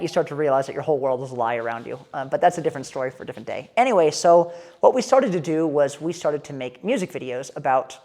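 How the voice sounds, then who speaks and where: Woman with a low voice, telling a story in an animated, irreverent, candid way. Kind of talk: casual spoken storytelling.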